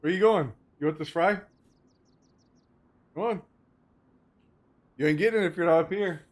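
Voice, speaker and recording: A man's voice: fairly high pitch, normal speed, no room sound. A young man streaming from home into a desk microphone, in a loose, joking manner that swears casually and chats with his viewers. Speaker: livestreamer. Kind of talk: casual live-stream chat.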